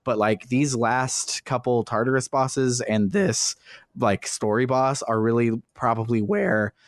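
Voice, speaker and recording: A man's voice: mid-range voice, a little slow, no room sound, clean studio sound. A man co-hosting a podcast, recapping the plot in a rambling, casual way with many fillers and restarts. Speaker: podcast co-host. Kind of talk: casual game recap chat.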